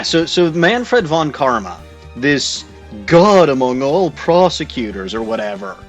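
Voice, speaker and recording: A man's voice: medium pitch, a bit bright. A man hosting a video game let's play, giving casual commentary in a rambling, sarcastic way. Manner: rambling, sarcastic, with many fillers and restarts.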